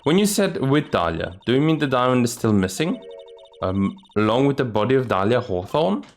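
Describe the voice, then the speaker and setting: A man's voice: medium pitch, big pitch swings, normal speed, faint music behind. A man reading a young woman attorney. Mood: probing. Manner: careful, probing questions. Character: young, earnest female defense attorney.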